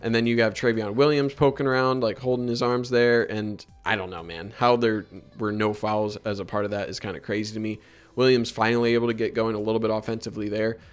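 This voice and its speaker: A man's voice: fairly low pitch, little pitch movement, fast, clean tone. A man giving casual commentary over game footage, picking apart plays and calls in a conversational, critical way with many fillers. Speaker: sports analyst breaking down game film.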